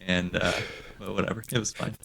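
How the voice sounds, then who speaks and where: A man co-hosting a podcast in casual chat, speaking earnestly and haltingly as he searches for words. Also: low-pitched, steady tone, vocal fry, a bit bright, slight background noise. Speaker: podcast co-host.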